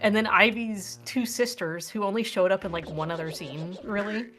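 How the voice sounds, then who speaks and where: A woman chatting casually with a friend during a stream, quick and animated, full of fillers and jokes. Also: mid-range voice, soft background music. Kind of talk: casual chat.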